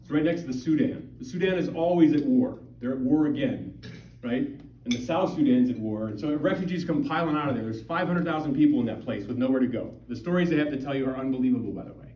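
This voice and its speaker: A man's voice: medium pitch, quick pace, slight background noise. A middle-aged man from Montana giving a conversational, emphatic public talk to a parish audience, full of rhetorical questions. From Montana, USA. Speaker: guest speaker at a parish. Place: parish hall or church. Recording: dull, roomy, distant hall recording.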